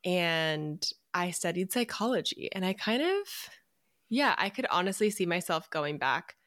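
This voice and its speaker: A young woman co-hosting a podcast, talking about her own path in casual chat, candid and quick to laugh. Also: lowish voice, big pitch swings, a bit bright, dry recording, studio quality. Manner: giggly, candid, rambling. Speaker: podcast co-host, interviewee.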